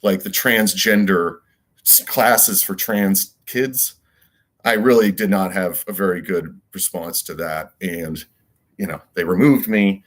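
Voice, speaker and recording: A man's voice: low voice, fairly even intonation, slow. A man giving a rambling solo monologue as a commentator, emphatic and repetitive and full of rhetorical questions. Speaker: political commentator.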